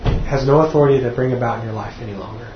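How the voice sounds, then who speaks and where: A man's voice: mid-range voice, rapid-fire, slight background noise. A man teaching a sermon to a group, earnest, often repeating words as he restarts. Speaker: teacher at a church class. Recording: dull echoey room recording.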